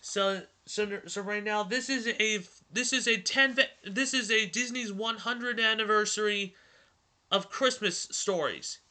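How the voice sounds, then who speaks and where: A man hosting a casual vlog and reading a storybook aloud, talking in an excited ramble full of restarts. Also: high voice, measured pace. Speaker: host.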